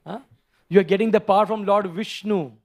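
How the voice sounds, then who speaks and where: A man telling a scripture story in a sermon, animated and stopping to restart often. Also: high-pitched, fairly quick. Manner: animated, acts out characters, frequent restarts. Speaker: preacher giving a scripture class.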